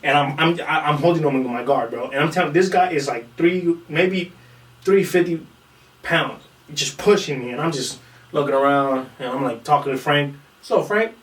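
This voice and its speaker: Profane, animated storytelling man, heard from afar. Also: on the high side, moderate pace. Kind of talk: casual podcast chat, storytelling. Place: room in a small podcast setup. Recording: roomy echo, far from the mic.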